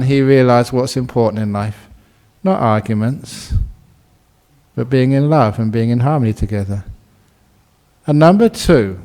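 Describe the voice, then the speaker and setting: A man's voice: medium pitch, darkish tone. A middle-aged man, a monk, giving a playful storytelling talk, acting out the parts and laughing at himself. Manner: playful, acts out voices and quacks, laughs at himself.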